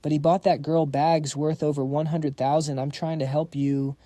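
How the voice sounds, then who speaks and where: A man reads as a jealous young rival who schemes and whines. The tone is mellow and a bit high. It is a dry, close read. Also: little pitch movement, normal speed, no room sound, lightly acted. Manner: whiny and spiteful.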